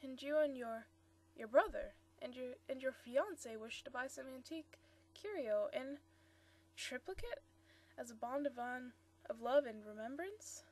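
A woman reading the lines of a mellow, friendly elderly male antique dealer, in a high voice. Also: expressive, measured pace, heavily acted. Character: mellow elderly male shop proprietor, courteous.

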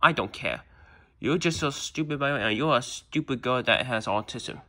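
A man's voice: medium pitch, normal speed, bright, forceful tone. A man voicing a mean young cartoon boy who taunts and dismisses others. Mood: dismissive.

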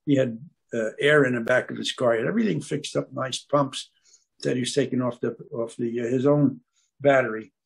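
A man's voice: mid-range voice, brisk, gravelly, slightly rough. An older man speaking as a guest at an aquarium club, telling rambling stories and often stopping to search for words. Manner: meandering, searches for words with many fillers. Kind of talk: rambling anecdotal storytelling.

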